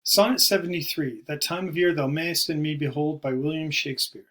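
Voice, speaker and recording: A man giving a recorded poetry lesson, explaining terms in a measured way and slowing down to stress key words. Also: on the high side, pushed and bright. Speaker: poetry teacher. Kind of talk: recorded video lecture.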